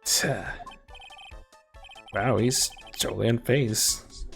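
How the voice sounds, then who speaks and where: A man's voice: mid-range voice, steady tone, drawn-out words, creaky, fairly bright tone, soft background music. A man doing a casual let's play, voicing the lawyer hero with wry asides.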